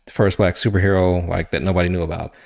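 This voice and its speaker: A man hosting a podcast, casually retelling a comic book story in an animated way, swearing and acting out what the characters say. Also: sits low, fast, gravelly. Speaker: podcast host.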